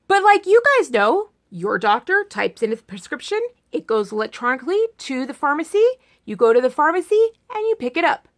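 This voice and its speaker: High-voiced chatty sarcastic woman. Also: very animated, brisk. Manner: chatty, sarcastic, rambling with many restarts. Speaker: political vlogger. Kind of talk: casual political vlog rant.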